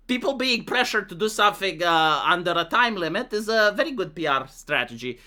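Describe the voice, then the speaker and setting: A man with a Romanian accent gives casual commentary on viewer comments. His voice is bright and lively, and he swings his pitch freely. He leans on "like" and pauses while he thinks aloud. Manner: talks with many "like" fillers, reads comments out in a mocking voice. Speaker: commentary YouTuber.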